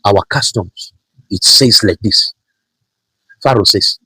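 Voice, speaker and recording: A man's voice: fairly low pitch, measured pace, pauses often, pushed and bright, slightly rough, no echo, poor audio. A man preaching a sermon, emphatic and repetitive, driving his points home with rhetorical questions.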